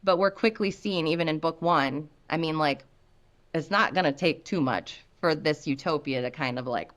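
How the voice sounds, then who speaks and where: A woman's voice: deep voice, normal speed, a bit bright. An American woman author talking animatedly as a guest on a podcast, laughing often. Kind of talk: podcast interview.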